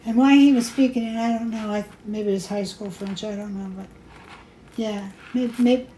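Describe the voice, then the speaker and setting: A woman's voice: on the high side, fairly even intonation, normal speed, dark tone. A woman hosting a jewelry-making show, chatting in a rambling way and laughing at her own mispronunciations. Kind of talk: casual chat while crafting. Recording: echoey room with faint noise.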